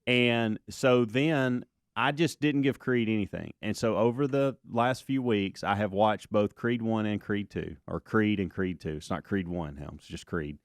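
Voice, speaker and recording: A man hosting a casual morning radio show, rambling through stories in a relaxed way. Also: fairly low pitch, unhurried, few pauses, no room sound, studio quality. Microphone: studio microphone.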